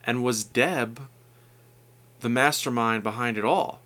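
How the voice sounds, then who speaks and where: A man's voice: medium pitch, takes it slowly, sharp tone. A man co-hosting a true-crime podcast in casual chat, teasing his partner and laughing often. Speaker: podcast co-host.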